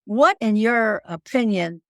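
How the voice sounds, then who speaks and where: An older woman from Detroit, a singer being interviewed, telling stories in an animated way and repeating phrases for emphasis. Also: mid-range voice, a little slow, dry recording, studio quality. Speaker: guest singer. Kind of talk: casual interview chat.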